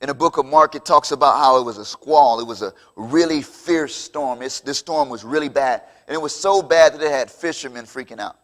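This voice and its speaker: A man's voice: mid-range voice, brisk, few pauses. A man preaching a conversational sermon, acting out the dialogue of the story. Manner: conversational, acts out biblical dialogue.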